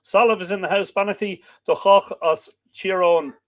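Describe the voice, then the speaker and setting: A man's voice: sits high, fairly even intonation, normal speed. An Irish man hosting a livestream, casually reading out and answering viewer comments with many fillers. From Ireland. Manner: chatty, reads out names and greetings with frequent fillers. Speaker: livestream host. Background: dog barking at times.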